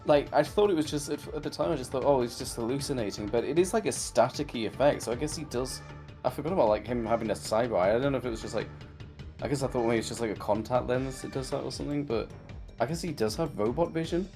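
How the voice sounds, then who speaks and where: A man's voice: mid-range voice, fast talker, darkish tone, faint music behind. Chatty man rambling about a cartoon. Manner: rambling, full of "like", acts out quoted lines. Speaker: podcast co-host reviewing a cartoon. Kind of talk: casual chat.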